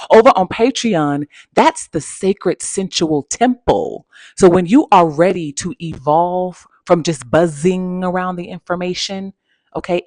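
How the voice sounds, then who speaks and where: A spiritual coach hosting her own channel speaks in a low, slightly mellow voice, recorded dry. Her motivational talk is emphatic and repetitive, sprinkled with pet names and delivered with a preacher's cadence.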